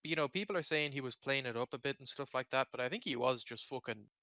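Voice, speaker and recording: A man hosts a loose podcast chat, rambling through fillers and swearing as he goes. His voice is bright and smooth, caught up close on a dry but dull, lo-fi recording. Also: mid-range voice, quick pace, no room sound. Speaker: podcast host. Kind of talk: casual chat.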